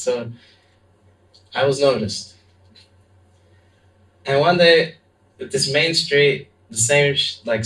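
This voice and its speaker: Man, young adult, monk, animated storytelling, roomy echo. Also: mid-range voice, distant mic. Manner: animated, laughing, filler-heavy storytelling. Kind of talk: storytelling talk. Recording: echoey room, voice from off-mic.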